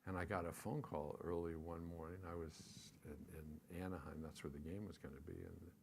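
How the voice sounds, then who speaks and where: An older man in his seventies telling stories as a guest on stage, relaxed and anecdotal with many fillers. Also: low voice, fairly quick, gravelly, background noise. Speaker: guest, television executive. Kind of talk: storytelling on stage. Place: stage before a live audience.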